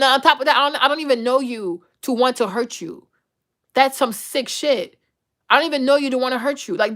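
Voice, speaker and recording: High-voiced blunt, profane woman ranting. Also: a bit bright. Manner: blunt, profane, acts out quoted dialogue. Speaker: vlogger. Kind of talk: unscripted vlog rant.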